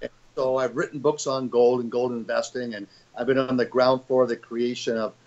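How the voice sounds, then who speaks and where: A man's voice: medium pitch, level tone, a little fast, a little mellow, highs cut off. An older man giving an interview as a fund executive, talking in a rambling, emphatic way with many restarts. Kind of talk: conversational interview.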